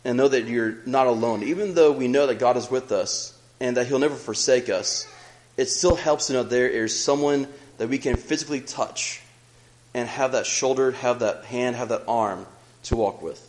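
A man's voice: medium pitch, darkish tone, low-quality recording. Earnest male preacher giving a sermon. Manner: earnest, measured, reads scripture aloud.

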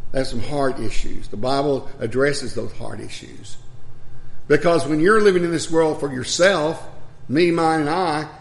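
A man's voice: a little high, creaky. An older man preaching a sermon in a conversational way, with asides and little laughs at himself.

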